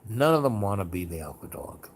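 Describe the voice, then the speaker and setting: A host with a lowish, very animated voice tells stories at a fairly quick clip, rambling casually and peppering his talk with "you know" and "like." He acts out quotes in a raised, theatrical voice. There is slight background noise.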